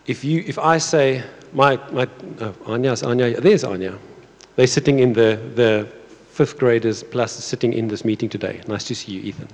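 A man's voice: medium pitch, normal speed. A man in his thirties or forties preaching a conversational sermon as pastor, often repeating words and putting questions to the congregation. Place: church auditorium. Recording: long hall reverb in a church.

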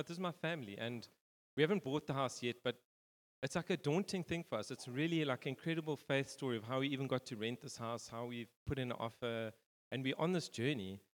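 A man preaching a casual, rambling sermon, full of fillers and restarts. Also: mid-range voice. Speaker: pastor. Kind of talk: conversational sermon. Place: church hall. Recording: reverberant church hall.

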